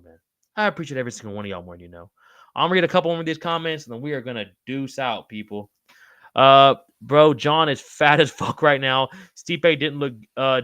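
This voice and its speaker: A man hosting a casual livestream, reading out comments and shouting out viewers in slangy, hyped-up talk. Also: medium pitch, dry recording. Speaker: livestream host.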